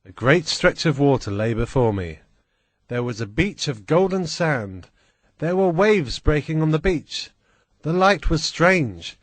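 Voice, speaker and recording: A man reading a first-person adventure story aloud in a slow, deliberate, plain manner. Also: fairly high pitch, big pitch swings, no echo. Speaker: audiobook reader.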